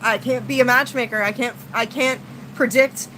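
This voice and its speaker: High, bright-voiced woman venting bluntly. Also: fairly even intonation, moderate pace, slight background noise, low-quality recording. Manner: blunt and profane, swinging between heated outbursts and tired sighs. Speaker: streamer venting to chat. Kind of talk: casual livestream venting.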